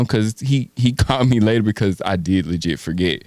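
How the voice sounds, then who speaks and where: A man's voice: on the low side, very animated, moderate pace, hardly any pauses, darkish tone, no room sound. A man co-hosting a podcast, telling a story in casual chat and acting out the quoted dialogue. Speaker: podcast co-host.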